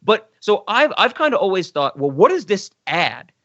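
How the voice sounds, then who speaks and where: A man's voice: sits high, very animated, normal speed, fairly bright tone, no room sound, lo-fi sound. A man co-hosting a film podcast, talking enthusiastically and rambling with restarts. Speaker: podcast co-host. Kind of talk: casual film discussion.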